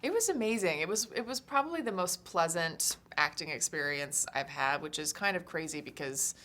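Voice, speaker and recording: A woman's voice: deep voice, expressive, normal speed, pushed and bright. A female actress answering interview questions in a friendly, chatty way, with plenty of "you know"s and light laughs. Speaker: film actress. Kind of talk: press junket interview.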